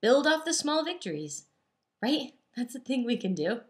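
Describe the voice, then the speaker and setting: A young woman who is a diabetes advocate, talking candidly and casually to camera, with animated asides where she quotes herself. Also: fairly high pitch, normal speed.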